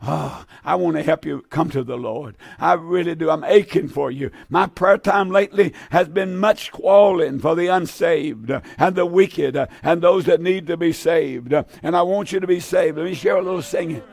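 A man's voice: fairly high pitch, moderate pace, gravelly, few pauses, a little mellow, no room sound, clean studio sound. An older man preaching a fervent sermon with an altar call, pleading with many "uh" fillers and sometimes drifting into song.

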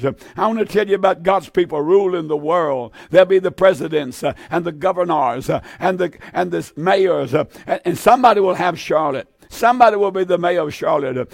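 A man's voice: sits high, creaky, dry recording, clean studio sound. An older man preaching a fervent sermon with an altar call, pleading with many "uh" fillers and sometimes drifting into song.

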